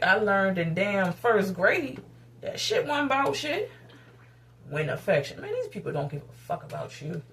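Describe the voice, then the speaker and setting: A woman vlogger from the United States rants candidly to her camera while cooking. She's blunt, profane and heated, her pitch jumping suddenly, and her voice is a bit bright and slightly rough.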